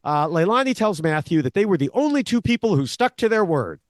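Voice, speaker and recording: A man co-hosting a podcast, recapping a reality show in a casual, animated way and laughing often. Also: sits high, fairly quick, no echo, studio quality. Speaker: podcast co-host, Survivor expert.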